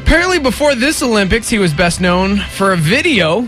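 A man co-hosts a morning radio show, with a lively voice that swoops up and down as he jokes around and drops into goofy voices. He sounds like a studio radio host, with faint music playing behind him. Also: high voice, brisk. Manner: playful, jokey, slips into silly voices. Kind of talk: casual morning radio banter.

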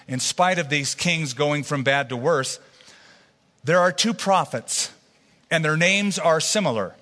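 A man's voice: on the high side, fairly bright tone. A man teaching a sermon in a conversational way, with asides to his congregation. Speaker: pastor. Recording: long hall reverb.

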